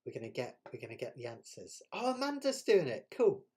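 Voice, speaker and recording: A chatty man with a West Country accent hosts a live ukulele session stream. His speech is animated and full of pitch swings, and his voice has a mellow, warm tone. He talks casually, laughs often and pokes fun at himself. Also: a little fast, breathy edge. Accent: West Country English. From West Country of England. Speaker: ukulele teacher and jam host.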